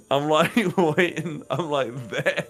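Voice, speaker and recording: A man's voice: on the high side, slow pace, vocal fry, fairly bright tone, faint music behind. A man chatting casually and crudely while streaming a game, swearing often and laughing through his own stories. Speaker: streamer co-host.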